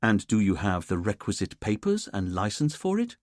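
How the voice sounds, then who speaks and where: A man's voice: lowish voice, very animated, normal speed, no room sound, studio quality. A man doing a prim, teacherly detective inspector. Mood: pedantic. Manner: teacherly, pedantic. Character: prim, fussy middle-aged male detective inspector.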